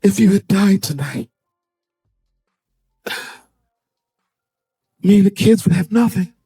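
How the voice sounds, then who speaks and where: Upset wife, tearful and scolding, played by a male comic, high and lively. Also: moderate pace, dry recording, soft background music. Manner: crying, pleading, then scolding. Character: upset wife, adult woman, tearful then angry.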